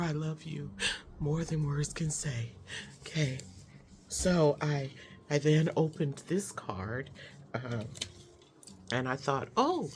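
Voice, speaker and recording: A woman's voice: low voice, a little mellow, slight background noise. A woman hosting a personal vlog, speaking in an effusive, emotional way with many fillers. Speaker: host. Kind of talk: heartfelt personal vlog chat.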